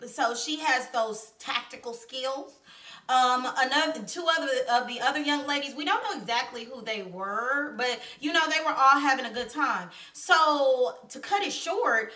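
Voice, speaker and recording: A woman film reviewer recapping a movie plot in a chatty, animated way, full of slang and asides. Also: high-pitched, distant mic. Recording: echoey room, voice set back from mic.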